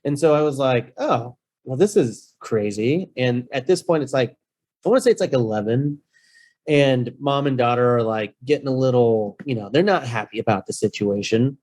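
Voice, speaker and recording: A man of Mexican heritage, a rental-business guest on a podcast, telling a story in a playful, animated way with acted-out quotes. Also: mid-range voice, brisk. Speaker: guest, short-term rental host. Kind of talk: casual storytelling.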